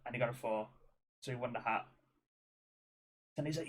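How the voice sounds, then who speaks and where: A man's voice: medium pitch, very animated, fast, pauses often, a bit bright, breathy edge. A young man co-hosting a podcast, swearing freely and acting out quotes in his stories. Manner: swearing storyteller, acts out quotes with laughs. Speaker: podcast co-host. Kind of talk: casual chat.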